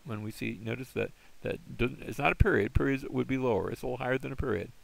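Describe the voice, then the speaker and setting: A man's voice: mid-range voice, fast talker, creaky. A man teaching a Greek lesson in a casual, hesitant way, with many fillers and restarts. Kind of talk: informal recorded lesson.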